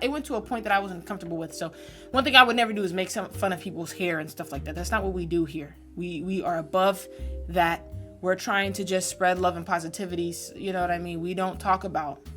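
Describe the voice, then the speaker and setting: Animated woman giving slangy reaction commentary. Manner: animated, slangy, swings between loud outbursts and low mutters. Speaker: sports reaction channel host. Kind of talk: casual live reaction commentary.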